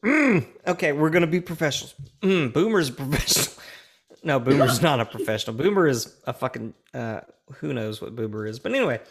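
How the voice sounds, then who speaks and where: Tipsy and rambling, this young podcast co-host reads out a plot synopsis, cursing, restarting sentences and laughing a lot. His medium-pitched voice is expressive with some vocal fry, and he talks a little fast in a casual way.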